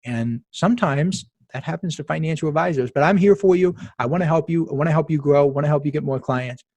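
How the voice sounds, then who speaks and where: With a fairly high pitch and a quick pace, this podcast host sounds a little mellow as he chats casually and with emphasis. He tells stories and drops asides to the listener. There's no room sound.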